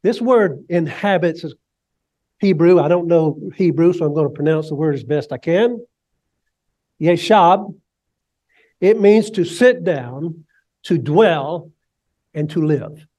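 A man preaching a sermon, swinging from hushed, low lines up to ringing cries, and leading the congregation in repeating phrases. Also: animated, unhurried. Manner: leads the congregation in call and response. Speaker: pastor.

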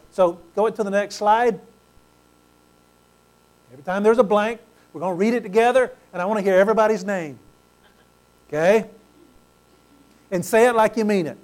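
High-voiced pastor preaching emphatically. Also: male voice. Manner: emphatic preaching, swelling to loud praise, calls for amens. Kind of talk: sermon.

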